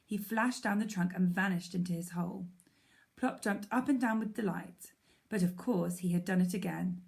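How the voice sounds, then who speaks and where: A woman teacher reading a children's story aloud in a clear storytelling manner. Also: lowish voice, moderate pace, a little mellow.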